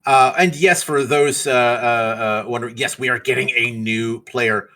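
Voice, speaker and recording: A man's voice: medium pitch, fairly even intonation, normal speed, sharp tone, low-quality recording. A man acting as game master, chatting casually and rambling a bit with fillers as he wraps up a tabletop game stream.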